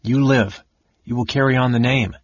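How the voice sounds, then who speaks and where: A man voicing a steady young soldier. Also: medium pitch, normal speed, slightly rough, no echo, voice pushed up, lightly acted. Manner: steady and sympathetic. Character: young male soldier cousin, steady and gentle. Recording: dull lo-fi recording.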